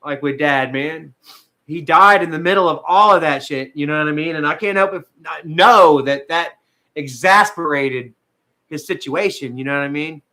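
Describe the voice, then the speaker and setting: Emotional male streamer, high bright voice, rambling and profane, on the edge of tears. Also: moderate pace. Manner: rambling, frequent fillers, heavy swearing. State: tearful at times. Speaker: vlogger talking to live viewers. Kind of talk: emotional casual livestream talk.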